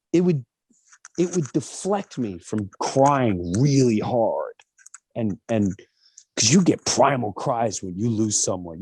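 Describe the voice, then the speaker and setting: A middle-aged man telling a personal story in a candid monologue, animated and emphatic, acting out the voices of people he quotes. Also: lowish voice, slight background noise.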